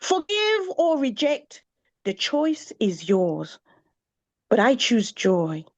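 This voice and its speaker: A woman's voice: a little high, wildly swooping pitch, takes it slowly. A woman from England performing spoken-word poetry in a rhythmic, chant-like way, with sung and exclaimed bursts. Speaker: poet. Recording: dull lo-fi recording of a live gathering.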